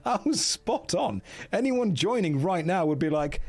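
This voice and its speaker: A man's voice: high-pitched, big pitch swings, unhurried, a little mellow. An English man streaming a gamebook, bantering with chat in a jokey way and laughing often. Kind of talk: casual stream commentary.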